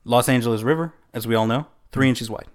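Man, American, casual podcast chat, teasing, rambling, mid-pitched voice. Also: fast talker. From United States. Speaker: podcast co-host.

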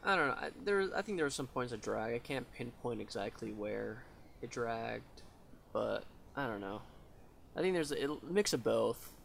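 A man's voice: medium pitch, expressive, normal speed, gravelly, slight background noise. A man co-hosting a podcast, rambling and hesitant as he chats casually about a film. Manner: rambling, hesitant, laughs easily, swears. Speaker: podcast co-host.

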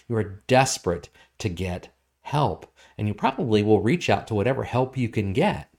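A man's voice: on the low side, darkish tone. A man preaching a sermon as pastor, earnest, repeating words for emphasis and reading scripture aloud with rising intensity.

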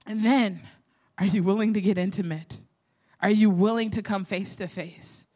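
A woman's voice: medium pitch, fairly even intonation, normal speed, warm tone. A young adult woman hosting a faith podcast, talking in an earnest, candid storytelling way with self-deprecating humor. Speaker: podcast host.

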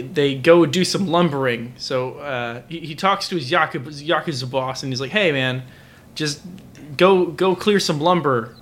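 A drunk podcast co-host casually recaps an anime, rambling with many fillers and false starts. His voice is medium in pitch and slightly bright.

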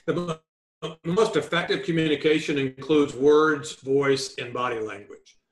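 A man's voice: on the high side, fairly even intonation, a little slow, reverberant. A man giving real estate negotiation advice as a guest in an interview, emphatic and instructive, laying points out like a list. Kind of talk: remote interview.

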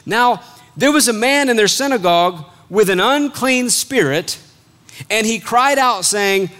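A man with a high voice preaches a sermon at an unhurried pace. He reads scripture aloud and explains it in an animated, conversational style, joking with his congregation.

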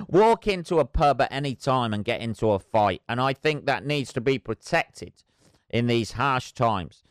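A man's voice: medium pitch, expressive, moderate pace, smooth, dry recording, clean studio sound. A man hosting a solo podcast, rambling and wry with constant swearing, sipping tea as he talks. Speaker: podcast host.

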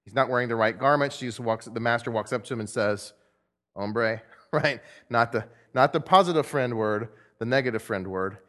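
A man preaching a lively sermon to a group, telling a parable and acting out the voices of its characters. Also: medium pitch, brisk, hardly any pauses. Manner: animated storyteller, acts out voices.

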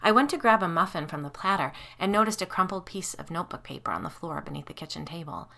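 A woman narrating a first-person supernatural story in a measured, even way. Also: on the low side. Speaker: audiobook narrator.

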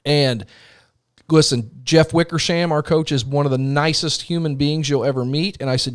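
A man in casual chat, telling a story in a lively way. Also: a little high, normal speed.

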